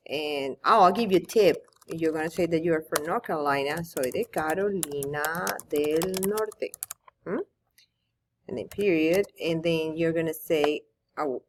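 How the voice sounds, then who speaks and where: Slow-talking teacher woman, low voice. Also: a little hiss or hum. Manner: patient step-by-step explaining with small asides. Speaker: Spanish teacher. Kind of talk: screen-recorded tutorial.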